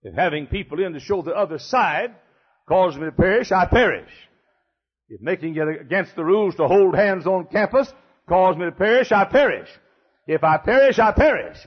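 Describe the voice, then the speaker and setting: An older man preaching a fiery sermon as pastor, emphatic and repetitive, swinging between shouts and hushed passages. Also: sits high, animated, normal speed, breathy edge. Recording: dull lo-fi sermon recording.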